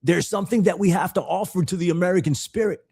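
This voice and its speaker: A man's voice: high-pitched, quick pace, mellow, husky, no echo. A man from the Bronx with a New York accent, chatting casually and animatedly on a podcast, swearing freely and often repeating words. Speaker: podcast guest. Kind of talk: casual chat.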